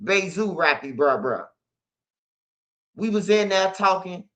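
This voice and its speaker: A man's voice: sits high, lively intonation, slow, a bit bright. A man, a show host telling stories in a casual monologue, heavy on street slang and "bro". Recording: slightly dull lo-fi audio.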